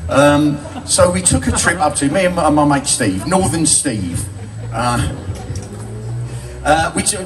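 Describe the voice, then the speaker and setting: With a voice on the high side, expressive and measured, an older man delivers crude, cheeky stand-up stories to a bar crowd, chuckling at his own jokes. A distant mic picks him up over the loud audience.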